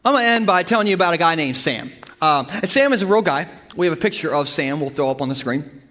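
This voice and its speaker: A man preaching a sermon as pastor, animated and humorous, telling stories with bursts of emphasis. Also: on the high side, fast. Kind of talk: sermon with storytelling. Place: church sanctuary. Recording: long hall reverb from the church.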